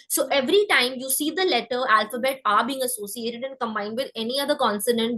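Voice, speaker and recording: A woman teaching French pronunciation, saying example words slowly so learners can repeat after her. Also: high-pitched, animated, bright, forceful tone, rough recording. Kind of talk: pronunciation lesson.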